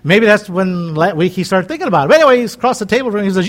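A man's voice: high voice, rapid-fire. A man in his fifties preaching in a folksy, conversational way, joking and wandering into chatty asides. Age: 50s. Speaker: pastor.

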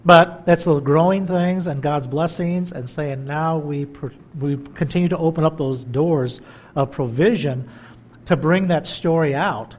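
A man's voice: a little high, a little slow, dull audio. An older man hosting a faith interview who reflects on scripture in a preachy, musing way. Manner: reflective, preachy, backchannels with "hmm" and "amen". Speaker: interview host.

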